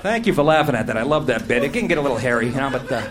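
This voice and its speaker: A man with a medium-pitched, sing-song voice rattles off his stand-up routine with few pauses, brash, profane and mocking. The comedy club recording is live and noisy, with laughter from the crowd.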